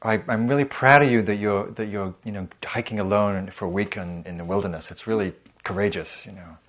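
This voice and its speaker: A man's voice: on the low side, steady tone, fairly bright tone. A man doing a sneering, nagging inner critic. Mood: mocking. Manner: sarcastic, exasperated, quick and rising. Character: nagging inner critic, scolding and mocking the self.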